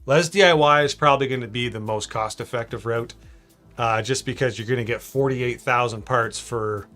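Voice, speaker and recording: A man from southern Ontario, hosting a casual live stream at home, relaxed and rambling as he reads chat messages aloud between fillers. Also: medium pitch, normal speed, faint music behind. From Canada, southern Ontario. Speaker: live-stream host, LEGO builder.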